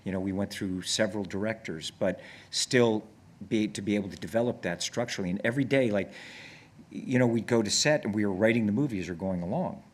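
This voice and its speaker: A man guest on stage, telling long rambling anecdotes with many restarts and growing excited as he goes. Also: on the low side, quick pace, slight background noise. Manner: grows excited and laughs when telling stories. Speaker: actor guest. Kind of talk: casual on-stage conversation. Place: on stage before an audience.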